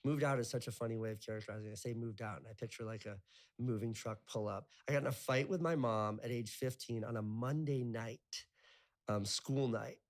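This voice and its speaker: A man's voice: medium pitch, fairly quick. Guy in his 30s rambling through his life story, tons of "like," swears a bit, super casual. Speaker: interview guest.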